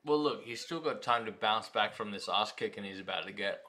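A man co-hosting a podcast, making relaxed, wry remarks in casual chat. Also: lowish voice, brisk. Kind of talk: casual watch-along chat.

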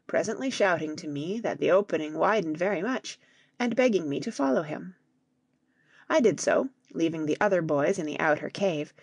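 Gravelly husky woman narrating a story. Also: on the low side, no room sound, clean studio sound. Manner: measured reading with character voices. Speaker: audiobook narrator. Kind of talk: scripted narration.

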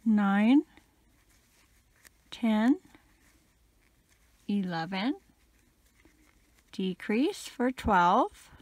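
Slow, steady woman counting crochet stitches. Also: mid-range voice, no room sound. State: slightly crackly voice. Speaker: crochet instructor.

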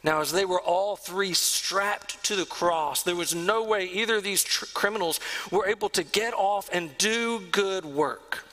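A man preaching a sermon as the pastor of a church, earnest, sometimes dropping to a hush. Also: sits high, unhurried, low-quality recording. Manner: earnest preaching, drops to a hush on key lines. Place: church sanctuary.

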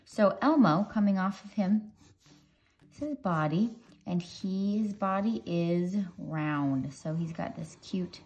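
A drawing teacher with a lowish, darkish voice speaks slowly as she leads a casual tutorial, chatting playfully with children while she draws. The audio is dull and lo-fi, with faint music behind her.

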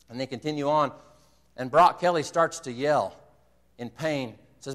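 A man's voice: a little high, moderate pace, a bit bright, big-room sound. A man preaching a sermon, earnestly retelling a movie scene and quoting its dialogue. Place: church sanctuary.

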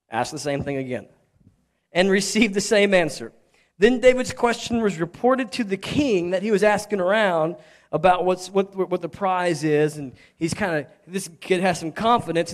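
A man preaching a sermon as pastor, telling a scripture story in a conversational way with joking asides to the congregation. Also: high-pitched. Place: church sanctuary.

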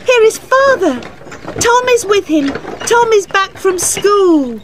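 Maggie, a narrator doing a high pleading little girl. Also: animated, slow pace, noisy background. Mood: eager, pleading. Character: emotional nine-year-old girl, pleading and tearful. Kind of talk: storybook reading for learners.

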